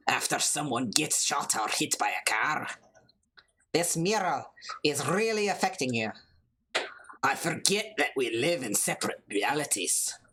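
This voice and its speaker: A woman's voice: low voice, a bit bright, a little hiss or hum. A woman hosting a let's play, chatting casually and reading game dialogue aloud in a giggly, self-mocking way.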